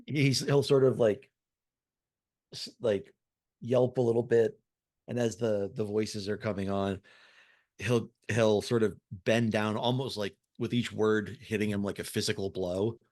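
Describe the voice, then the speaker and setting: A man's voice: on the low side, fairly even intonation, a little slow, a little mellow, dry recording. A man playing in a tabletop game, describing his character's actions with hesitant fillers. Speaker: player. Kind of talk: casual tabletop play.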